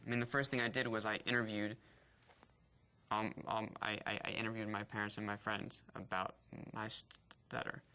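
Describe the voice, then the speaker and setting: Man in his 30s, bright voice, candid reflective testimony, occasional stutter blocks. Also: lowish voice, level tone, normal speed. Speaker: actor telling his story. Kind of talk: personal interview testimony.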